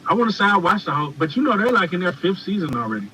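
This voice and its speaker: A man's voice: sits high, big pitch swings, rapid-fire, bright, forceful tone, slight background noise, rough recording. A man co-hosting a casual stream chat by remote call, blunt and swearing.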